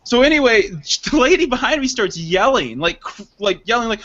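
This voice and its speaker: A man hosting a casual podcast chat, telling an animated story full of laughter and acted-out quotes. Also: sits high, fast talker. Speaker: podcast host. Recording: dull lo-fi sound.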